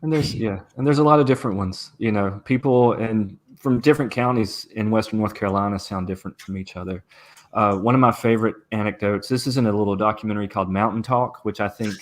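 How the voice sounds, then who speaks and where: A man on a livestream panel, telling unhurried stories and savoring old dialect words. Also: lowish voice. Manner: storytelling, relaxed, relishes folksy dialect words. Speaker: game writer on a livestream panel. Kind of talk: casual livestream chat.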